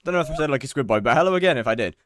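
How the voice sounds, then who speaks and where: A man's voice: medium pitch, animated, racing, a bit bright, no echo, clean studio sound. A young man streaming live, chatting casually and greeting viewers one by one, slightly out of breath. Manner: chatty, greets chat by name, self-mocking.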